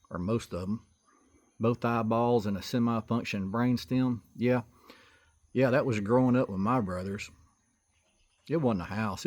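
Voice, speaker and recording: A man telling comic childhood stories in a folksy, exaggerated way. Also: fairly low pitch. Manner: folksy, exaggerated, building to excited outbursts. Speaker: storyteller comedian. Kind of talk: comic storytelling monologue.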